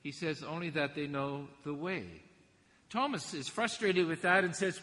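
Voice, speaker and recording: A man preaching a reflective sermon, with gentle asides and the odd laugh. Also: a little high, lively intonation, normal speed. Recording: long hall reverb.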